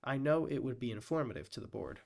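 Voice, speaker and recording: A man live-streaming as he reads a hearing transcript aloud, deliberately voicing every quote and end quote marker. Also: mid-range voice, expressive, creaky. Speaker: live-stream reader and commentator.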